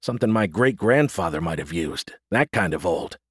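A man's voice: sits low, animated, normal speed, husky, dry recording, clean studio sound. A man voicing a blunt, uneasy male soldier in an audiobook, speaking casually with slang and rising emphasis. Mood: wry, uneasy.

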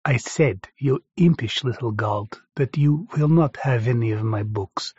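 A man voicing a menacing clay homunculus that speaks as an older man, in a rich melodic baritone with a thick foreign accent. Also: a little slow, darkish tone, husky, no room sound. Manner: taunting, interrogating. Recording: dry, slightly dull recording.

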